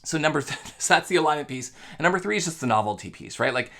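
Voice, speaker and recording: Male sales coach, energetic casual delivery, fairly high voice with some fry. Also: fast. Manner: energetic, conversational, many fillers. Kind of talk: casual talk to camera.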